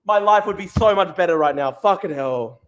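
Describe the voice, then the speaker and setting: A man's voice: high-pitched, animated, moderate pace, noisy background. A man hosting a livestream, swearing and laughing at himself as he rants. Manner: swearing, self-mocking, laughing often. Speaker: streamer host. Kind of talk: livestream rant.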